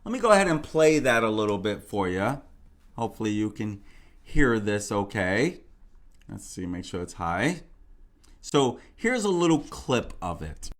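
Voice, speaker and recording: A man's voice: fairly low pitch, sing-song, unhurried. A man hosting a casual true crime commentary, rambling and repeating himself with many fillers. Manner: repetitive, rambling, full of "you know" and "like". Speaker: true crime channel host.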